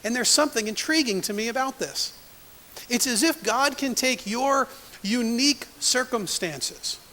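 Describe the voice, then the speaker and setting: High, bright-voiced pastor preaching in a hall. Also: male voice, expressive, unhurried. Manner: storytelling with acted-out quotes. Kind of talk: sermon. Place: church sanctuary. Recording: long church hall reverb.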